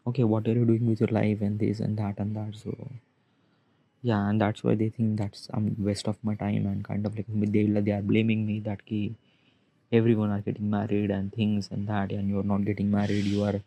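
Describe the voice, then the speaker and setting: A man, giving a halting, rambling confessional monologue in which he questions himself aloud. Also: lowish voice, creaky, mellow, muffled recording. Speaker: vlogger. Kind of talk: confessional self-talk monologue.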